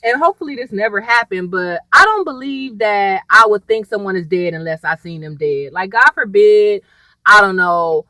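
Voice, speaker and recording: Lively, bright-voiced woman rambling through a recap. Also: mid-range voice, normal speed, no room sound, low-quality recording. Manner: chatty, rambling, goes off on tangents; addresses viewers as "y'all". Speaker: TV episode reviewer. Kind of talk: casual episode recap.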